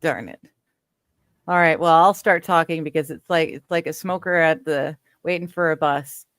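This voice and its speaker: A man hosting a casual video call chat, easygoing and quick to laugh. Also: a little high, steady tone, a bit bright, smooth, no echo, clean studio sound. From coastal region. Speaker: host.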